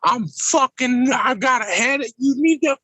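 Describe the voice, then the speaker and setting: A raspy-voiced man who has been drinking, shouting and cursing in a tearful rage during a heated live-stream argument. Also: very high-pitched, normal speed, no room sound, low-quality recording.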